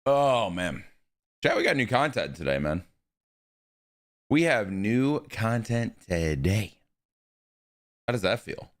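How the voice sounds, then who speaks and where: A man's voice: on the low side, big pitch swings, takes it slowly, pauses often. A young man streaming live, talking casually and with energy to his chat and greeting viewers by name.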